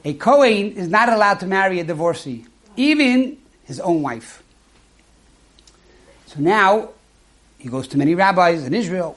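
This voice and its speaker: A man's voice: high-pitched, normal speed, long pauses. A man giving a sermon, telling a story and acting out the people in it. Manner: acts out characters in a story, animated. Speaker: rabbi.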